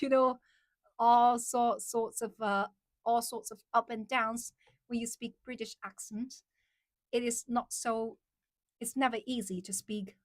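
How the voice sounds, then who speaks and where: A woman with a Chinese accent chats through a casual live stream in a fairly high voice. She is talkative, laughs often and repeats words as she restarts her sentences. The sound is close and dry, with no room around it. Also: fairly bright tone, no echo. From China.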